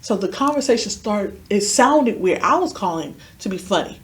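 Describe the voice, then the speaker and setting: A woman's voice: mid-range voice, lively intonation, normal speed. A woman guest telling a personal story in an interview, earnestly acting out the dialogue she recounts. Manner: vivid retelling that acts out quoted dialogue; earnest, emotionally charged. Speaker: podcast guest.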